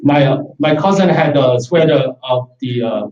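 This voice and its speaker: A man hosting a casual live-stream chat show, joking and talking in a halting way. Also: mid-range voice, a little mellow. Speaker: host. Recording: roomy, distant, dull live-stream audio.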